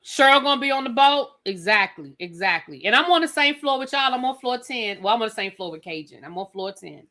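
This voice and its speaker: Woman streamer, bright higher voice, sassy chatty host reviewing reality TV live. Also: lively intonation, fairly quick, hardly any pauses. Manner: chatty, sassy, addresses viewers as girl and y'all.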